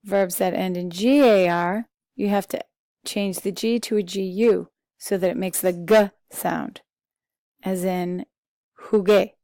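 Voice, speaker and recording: Slow, patient woman teaching Spanish. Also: mid-range voice, fairly even intonation, dark tone, no room sound, clean studio sound. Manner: slow, patient, talks through vocabulary lists with fillers. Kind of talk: recorded classroom lesson.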